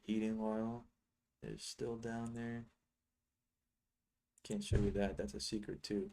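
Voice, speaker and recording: A man's voice: fairly low pitch, flat delivery, slow pace, warm tone. A middle-aged man giving rambling, teasing live commentary on his trading screen, thinking aloud as he goes. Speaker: futures trading software seller.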